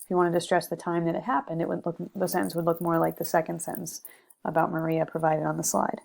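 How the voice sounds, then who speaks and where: A woman's voice: fairly low pitch, little pitch movement, fast talker, gravelly, a little mellow. A young woman giving a recorded slide lecture on grammar, methodical, with frequent "okay" and "um". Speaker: teacher presenting a lesson.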